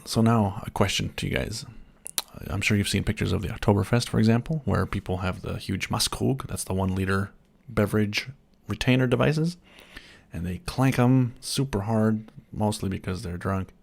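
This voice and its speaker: A man's voice: fairly low pitch, normal speed, creaky. A man from Germany with a slight American accent hosts a casual livestream at home. He chats easily, reads out viewer comments, answers them, and laughs often. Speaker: livestream host.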